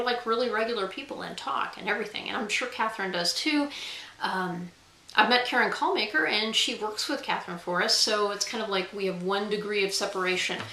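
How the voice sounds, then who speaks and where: A woman's voice: mid-range voice, bright, forceful tone, echoey room, rough recording. A woman author talking casually straight to camera in a chatty, self-deprecating way, with frequent ums. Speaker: author and guest vlogger.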